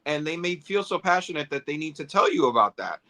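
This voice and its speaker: Bright slightly high guy chatting thoughtfully on a toy stream. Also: big pitch swings, fairly quick. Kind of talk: casual livestream chat.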